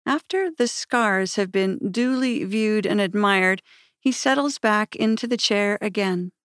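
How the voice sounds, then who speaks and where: A woman narrating her own memoir in a measured, earnest storytelling manner. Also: mid-range voice, a bit bright, dry recording, clean studio sound.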